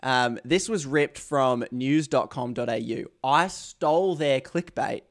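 A young Australian man hosts an interview podcast, keeping the chat casual. His mid-range voice moves at a measured pace as he rambles, mocks himself, and drops jokey asides.

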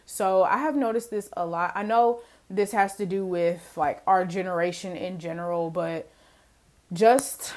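A woman's voice: lowish voice, steady tone, unhurried, darkish tone. A young woman hosting a casual solo podcast, talking in a chatty, emphatic way, often laughing and addressing her listeners as y'all. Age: young adult. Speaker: podcast host.

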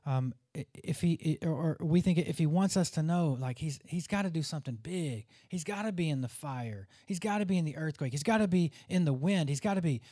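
A man's voice: a little high, darkish tone, no room sound, studio quality. A man preaching a conversational sermon, dropping to a near whisper at tender moments. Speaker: pastor.

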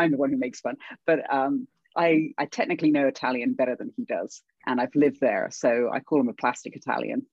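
Husky British woman, laughing storyteller. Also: very deep voice, no room sound, highs cut off. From England. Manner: lively, self-deprecating, laughs often. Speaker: guest, legal academic. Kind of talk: casual interview chat.

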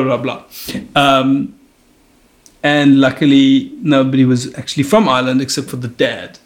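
A man telling comic stories in casual chat, animated and jumping high in pitch when he quotes people. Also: normal speed, roomy sound.

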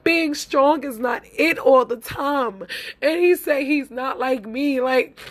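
A woman's voice: sits high, takes it slowly. A young adult woman hosting a podcast, talking in a heartfelt, tearful way and repeating her phrases as she speaks. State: crying at times. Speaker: podcast host. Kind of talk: emotional podcast monologue.

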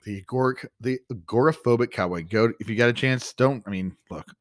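A man from Texas with a light Texan accent co-hosting a casual podcast, rambling quickly and swearing freely. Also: medium pitch, no echo, clean studio sound. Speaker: podcast co-host. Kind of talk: casual chat.

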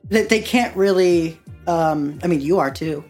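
A woman's voice: on the low side, unhurried, a little mellow, soft background music. A woman from the United States, a podcast guest, talking in a blunt, sarcastic way. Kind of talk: casual chat.

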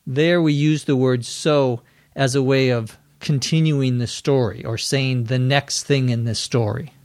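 An American man hosting an English-learning podcast, spelling words out letter by letter and repeating them slowly and clearly. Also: medium pitch, steady tone, no room sound, studio quality. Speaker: podcast host and English teacher. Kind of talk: slow, carefully enunciated teaching.

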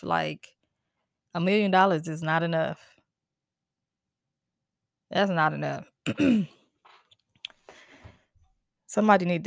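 A woman's voice: fairly low pitch, vocal fry, dry recording, clean studio sound. Profane, fired-up woman podcast host. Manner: heated, profane, animated venting with laughs and sighs. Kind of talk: casual solo podcast rant.

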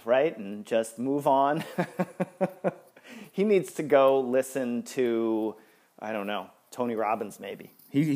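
Animated ranting male podcast host. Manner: ranting, exasperated, with frequent restarts; lively, swinging up and down in pitch. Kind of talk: casual sports podcast chat.

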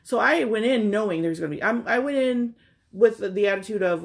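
Her voice is mid-range and gravelly, and she talks fairly quickly. The middle-aged woman is animated in a casual chat, describing a frustrating errand and imitating others' remarks in an exasperated way.

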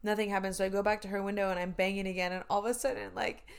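A woman's voice: medium pitch, flat delivery, very fast, smooth. A young woman in her twenties telling a story in casual chat, swearing, laughing and using lots of fillers.

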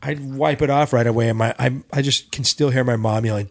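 A man on a comedy podcast telling stories in a halting way, with frequent restarts. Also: medium pitch, steady tone, creaky. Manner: halting storyteller, restarts often. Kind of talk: casual anecdotal chat.

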